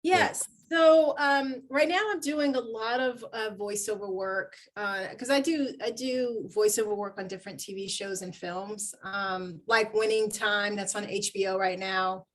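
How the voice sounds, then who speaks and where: A woman actor, a guest in a casual interview, telling stories with lively acted-out quotes. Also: mid-range voice, unhurried, few pauses. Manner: animated storyteller acting out quoted lines.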